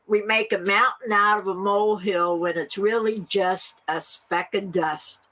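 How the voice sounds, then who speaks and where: A woman's voice: medium pitch, steady tone, a bit bright, low-quality recording. A middle-aged woman farmer from the United States, chatting as an interview guest and laughing often as she talks. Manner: slow, laughs often while talking. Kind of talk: casual interview talk.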